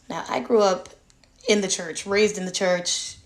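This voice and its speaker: A woman's voice: mid-range voice, steady tone, normal speed, slight background noise. A mother telling a creepy story about her young son in a chatty, emphatic way, dropping to a whisper for effect. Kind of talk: casual storytelling to camera.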